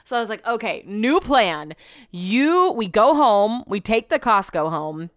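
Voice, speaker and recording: A young woman hosting a podcast, telling a story in a chatty, animated way and acting out everyone's lines. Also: mid-range voice, measured pace, no room sound, studio quality. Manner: chatty, animated, quotes herself and others; laughs while telling the story. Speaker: podcast host. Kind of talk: casual storytelling chat.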